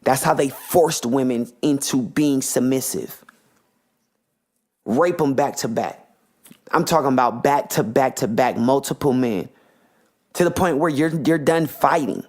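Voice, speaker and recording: A man delivering a podcast monologue, heated and full of slang and swearing. His voice sits at an ordinary middle pitch for a man. He keeps the talk loose and worked up, like a host venting to his listeners. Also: a little slow, a little mellow. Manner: impassioned, profane, slangy ranting.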